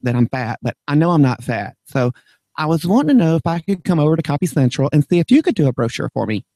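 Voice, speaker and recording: A man putting on a flamboyant florist, gushing and theatrical, who keeps tipping into weepy wails. His voice sits a touch high. The recording is close and completely dry. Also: big pitch swings, fast talker, warm tone, dry recording. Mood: chatty. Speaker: prank caller. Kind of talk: prank phone call.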